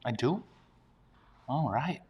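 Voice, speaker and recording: A man's voice: medium pitch, expressive, takes it slowly, lo-fi sound. A man who is a priest, chatting casually on a livestream. He jokes at his own expense and chuckles often. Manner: playful, self-deprecating, chuckles often.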